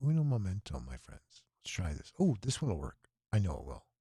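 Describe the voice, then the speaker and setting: A man's voice: low voice, wildly swooping pitch, brisk, creaky, dark tone, husky, dry recording, clean studio sound. A sleep-deprived man hosting a long livestream telethon, chatting to viewers and muttering to himself while he types at his computer. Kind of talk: casual livestream chat to viewers.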